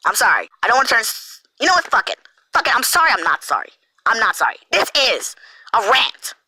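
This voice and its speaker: Commentator, male, furious and sarcastic; very bright tone, wildly swinging pitch. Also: sing-song, fairly quick, slightly rough, no echo, poor audio. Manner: heated, profane, sarcastic. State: angry. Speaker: online commentator. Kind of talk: angry rant.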